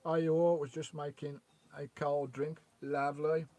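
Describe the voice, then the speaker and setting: A man hosting a relaxed vanlife livestream outdoors by a lakeside. He chats on, greets viewers by name and reads out their comments. He talks into a remote microphone, steady and conversational. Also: fairly high pitch, normal speed. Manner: chatty, greets and reads out viewers' chat messages. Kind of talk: casual live-stream chat. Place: outdoors by a loch beside his van.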